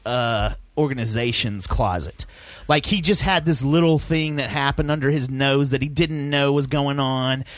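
A man's voice: on the high side, fairly bright tone, no room sound. A man from Texas co-hosting a podcast, talking in a heated, profane rant. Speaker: podcast co-host. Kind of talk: casual podcast banter.

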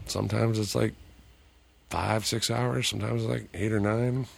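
A man, a paranormal investigator, telling a story as a podcast guest in a loose, profane, animated way, acting out what people said. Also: on the low side, moderate pace, gravelly, a little hiss or hum. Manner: profane, animated, acts out quoted dialogue.

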